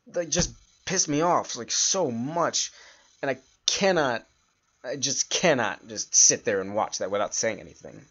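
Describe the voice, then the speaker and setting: A man hosting his own podcast, ranting in a frustrated, halting way with sighs and restarts. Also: mid-range voice, breathy edge, highs cut off. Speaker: podcast host. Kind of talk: solo podcast rant.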